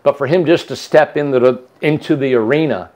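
A man's voice: medium pitch, brisk, darkish tone. Rambling man telling a story. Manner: rambling, with restarts and asides. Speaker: host. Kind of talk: casual storytelling chat.

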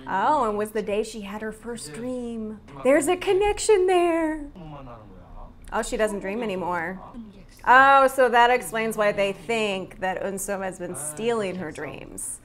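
A woman's voice: on the high side, lively intonation, measured pace, fairly bright tone. A woman hosting a drama reaction video, chatting casually and laughing often as she talks back to the screen. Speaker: drama reaction channel host.

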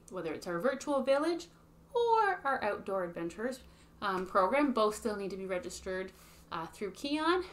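A woman from Canada leading young children through simple songs and rhymes, chatting to them between verses. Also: medium pitch. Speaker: early years program leader. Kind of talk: children's song and rhyme circle. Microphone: webcam or phone.

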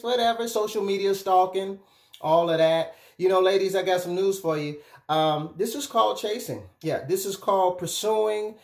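A man speaking as a relationship and life coach, giving direct-to-camera advice in an animated, emphatic way, often checking in with his listeners. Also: high-pitched, normal speed. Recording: echoey room.

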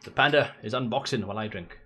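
A man's voice: lowish voice, fast talker, pushed and bright. A man chatting casually on a gaming live stream. He jokes, swears freely and talks to his viewers as he goes.

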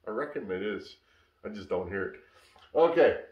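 Worn out from a long week, a Canadian man who runs a chainsaw repair channel talks loosely in his shop, his voice on the low side and his pace normal. He's relaxed, wanders in his talk, and says "uh" a lot. The recording is muffled, with the workshop's echo.

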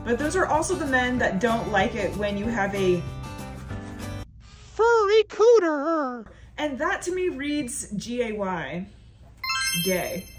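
Young woman, stand-up comedian, sassy and playful, drawn-out words, faint music behind. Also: on the high side. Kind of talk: casual comedic monologue to camera.

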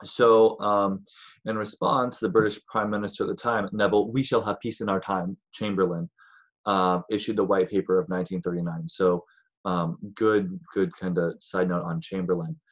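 A man's voice: deep voice, flat delivery, normal speed, highs cut off. A man teaching a casual history lesson in a chatty, rambling way, sometimes acting out voices of historical figures.

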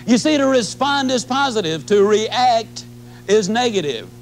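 A man in his fifties giving a motivational talk in a folksy, animated storytelling manner. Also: very high voice, measured pace, gravelly, soft background music. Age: 50s. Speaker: motivational speaker.

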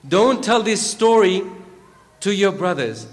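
A man delivers a sermon at a religious gathering, his voice pitched high. He chants verses and then unpacks them, coming back to key phrases again and again. Long reverb from a large hall trails behind every line. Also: unhurried, fairly bright tone. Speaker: preacher.

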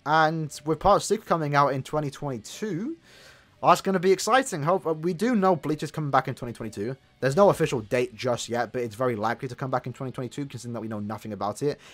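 A young-sounding man with a mid-range voice and a sore throat talks at a quick pace. He's a gaming channel host who rambles casually and chats away, packing his talk with fillers while he plays a mobile game.

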